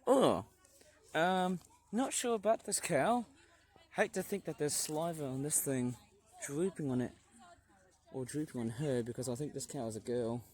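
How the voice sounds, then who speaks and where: A man's voice: on the high side, measured pace, pauses often, a little mellow. A man vlogging on a walk around a farm, chatting with enthusiasm and cracking puns, recorded on a handheld tablet outdoors. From England. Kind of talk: casual narration while walking around a farm.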